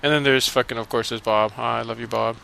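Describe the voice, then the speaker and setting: A man's voice: mid-range voice, fairly even intonation, fast, vocal fry, pushed and bright. A man giving casual, profane commentary over gameplay, laughing and mocking the characters. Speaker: video game let's-play commentator.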